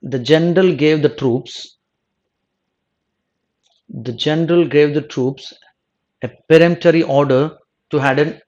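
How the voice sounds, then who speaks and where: A man's voice: fairly high pitch, a little slow, pauses often, a little mellow. Man explaining exam answers, lo-fi. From South India. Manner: repeats himself, rephrases mid-sentence, asks "no?". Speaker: exam coaching teacher.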